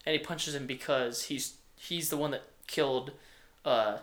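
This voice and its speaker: A man's voice: mid-range voice, a little slow, a bit bright. A young man hosting a casual movie podcast, talking in a rambling way with lots of fillers and restarts. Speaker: podcast host.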